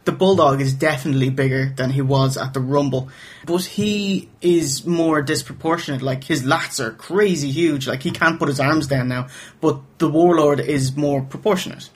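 A man's voice: fairly high pitch, moderate pace, breathy edge. A man co-hosting a casual wrestling review podcast, jokey and chatty, laughing often. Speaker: podcast co-host.

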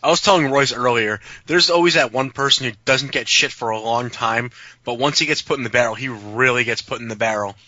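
A man's voice: mid-range voice, a little fast, bright, forceful tone, no echo, lo-fi sound. A man adding wry side comments in casual radio banter.

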